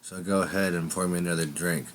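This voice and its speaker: A man's voice: sits low, fairly even intonation, quick pace, slight background noise, lightly acted. A man voicing a brash male werewolf who demands another drink. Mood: brusque. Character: gruff male werewolf bar regular, brash.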